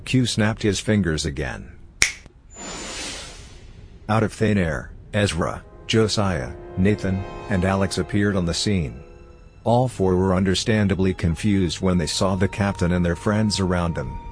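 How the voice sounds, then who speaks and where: A man reading a story aloud as narrator in a steady, even manner. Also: sits low, unhurried, over music. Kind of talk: fan fiction audiobook reading.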